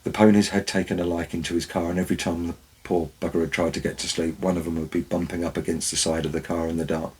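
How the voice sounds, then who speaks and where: A man's voice: low voice, little pitch movement, fast, few pauses, a little mellow, breathy edge, poor audio. A man, a former forest warden, tells wry anecdotes in a dry, storytelling way. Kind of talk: storytelling narration.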